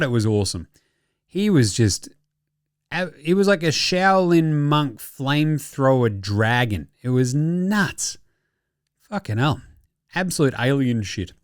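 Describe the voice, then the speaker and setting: Brief: australian male podcast host, lively swooping delivery, dry close sound, cheeky and sweary. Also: mid-range voice, no echo. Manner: animated, sweary, mock-outraged banter. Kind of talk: casual sports recap.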